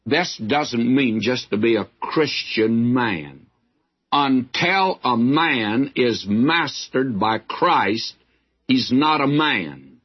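A man preaches verse by verse at an unhurried, slow pace, stopping for folksy asides. His voice is a little husky. The old recording sounds dull and lo-fi. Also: mid-range voice, lively intonation. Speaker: Bible teacher. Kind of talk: sermon.

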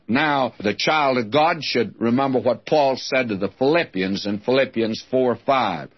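An older man teaching through Bible verses in a sermon, deliberate, with folksy asides and a husky voice. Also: mid-range voice. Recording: dull lo-fi recording.

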